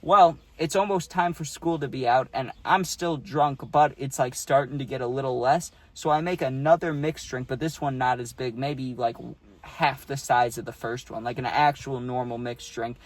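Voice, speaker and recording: A man's voice: mid-range voice, moderate pace. A man casually telling a story for his vlog, laid-back and slangy, saying "dude" a lot, recorded outdoors on a phone. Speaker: YouTube storyteller. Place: outdoors on a hot day.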